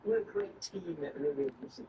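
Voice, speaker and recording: A man's voice: a little high, measured pace, reverberant. A man playing in a tabletop game, playful and laughing as he rambles in character. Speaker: player. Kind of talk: casual tabletop role-play. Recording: noisy, far from the mic.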